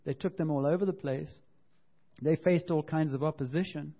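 Man, pastor, passionate sermon, acts out quotes, dull low-fi sound. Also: normal speed, husky. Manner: impassioned, repeats himself, acts out quotes.

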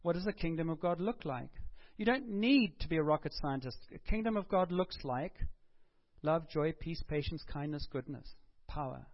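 A man preaching a sermon as pastor in a lively, conversational way. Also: fairly high pitch, moderate pace, muffled recording. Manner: animated, conversational preaching with acted quotes.

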